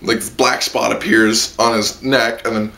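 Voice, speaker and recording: A man's voice: level tone, a little slow, gravelly, sharp tone. A man giving a casual spoken anime review, rambling with lots of fillers. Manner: rambling, heavy on fillers, jumps into high-pitched mock quotes.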